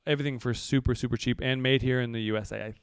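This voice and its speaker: A man's voice: mid-range voice, fairly even intonation, very fast, clean tone, no room sound, clean studio sound. A man co-hosting a casual podcast, rambling loosely with lots of restarts, a bit out of breath. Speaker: podcast co-host.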